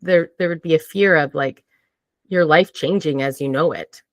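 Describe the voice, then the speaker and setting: A woman in a casual podcast chat, telling a story in an animated way, acting out quotes and saying "like" often. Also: sits low, normal speed, no echo. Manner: animated, acts out quotes, frequent "like". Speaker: podcast conversation partner.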